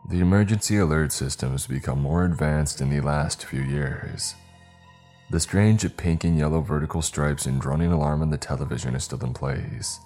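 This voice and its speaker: A man narrating a scary story in a calm, measured storytelling manner. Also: extremely low pitch. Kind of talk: scripted horror story narration. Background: faint music.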